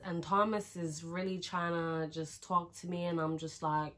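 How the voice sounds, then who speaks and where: A woman's voice: lowish voice, flat delivery, measured pace, fairly bright tone. Chatty young woman telling a story. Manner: chatty, frank, swears freely, fillers like "like". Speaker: vlogger. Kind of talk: casual storytime chat.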